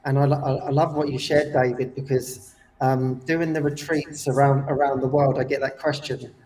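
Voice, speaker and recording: A man leading retreats, telling stories in an animated way, acting out the people he quotes and often tagging lines with "yeah?". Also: mid-range voice, normal speed. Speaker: retreat leader and guest. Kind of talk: casual storytelling. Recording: voice distant from the mic.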